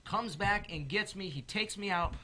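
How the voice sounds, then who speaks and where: A man's voice: high voice, moderate pace. A young man telling a story in a casual group chat, acting out the voices in it. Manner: animated, acts out quoted voices. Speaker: podcast guest.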